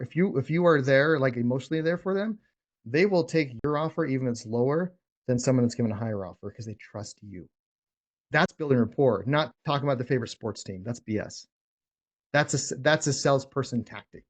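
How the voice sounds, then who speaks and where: A man coaching sales negotiation in a casual teaching talk, blunt and emphatic, often restarting his words. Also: mid-range voice. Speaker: real estate wholesaling coach.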